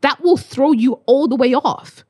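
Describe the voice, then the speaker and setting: A young woman, a spoken word poet, telling a story in animated, laughing, swearing casual chat. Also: high voice, normal speed, slightly rough, no echo, clean studio sound. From Australia.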